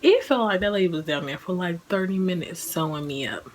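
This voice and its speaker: Brisk and animated, a woman in her twenties shares a casual story from her own life in a vlog. Her voice runs on the low side; she laughs as she talks and uses "like" a lot. The recording is rough.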